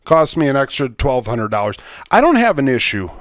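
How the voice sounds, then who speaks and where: A man's voice: mid-range voice, big pitch swings, brisk, dry recording. A man co-hosting a podcast, ranting and telling a story in profane casual chat. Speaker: podcast co-host. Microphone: studio mic.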